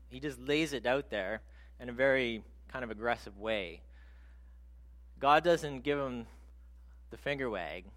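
A man preaching a sermon in a conversational, animated storytelling way. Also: mid-range voice.

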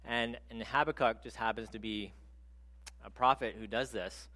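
A man preaching a sermon in a conversational, animated storytelling way. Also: fairly low pitch, moderate pace.

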